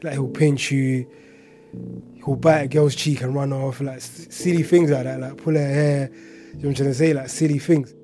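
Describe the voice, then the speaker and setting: A man's voice: mid-range voice, fairly even intonation, normal speed, warm tone, faint music behind. A man casually telling a personal story, chatty and full of filler words and asides.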